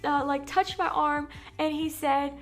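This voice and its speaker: A young American woman chatting casually to camera in a vlog, talkative and animated with lots of fillers. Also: sits high, measured pace, faint music behind. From United States. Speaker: vlogger.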